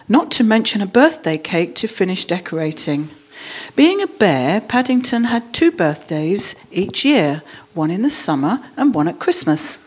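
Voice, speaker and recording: A woman with a mid-range, slightly breathy voice reads a children's storybook aloud, measured and expressive.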